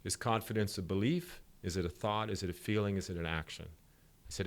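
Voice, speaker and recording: A middle-aged man with a somewhat low voice speaks as a sport psychologist guest on a podcast. He explains ideas through animated stories, acting out the dialogue as he goes. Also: fairly quick. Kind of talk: podcast interview.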